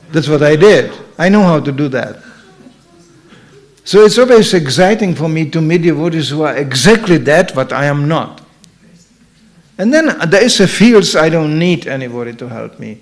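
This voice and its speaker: A man's voice: a little high, moderate pace. A middle-aged man giving a humorous scripture class at a temple, telling stories and acting out characters. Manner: animated storyteller, acts out characters. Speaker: visiting speaker at a temple.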